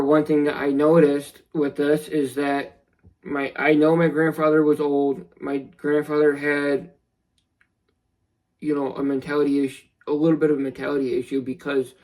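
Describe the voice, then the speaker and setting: A young man telling a personal story in a vlog, earnest and somber, halting with many restarts. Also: a little high, poor audio. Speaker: vlogger.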